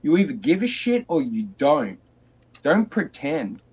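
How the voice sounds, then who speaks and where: A man's voice: a little high, sing-song, a little slow, darkish tone, husky. A man hosting a podcast, ranting crudely and swearing nonstop. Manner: crude, heated, swears constantly. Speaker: podcast host. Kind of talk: profane rant. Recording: dull lo-fi sound.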